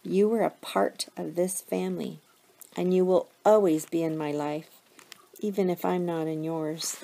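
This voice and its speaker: A woman voicing a gentle, caring foster mother who speaks reassuringly, reading from a novel. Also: lowish voice, fairly even intonation, measured pace, gravelly. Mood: tender.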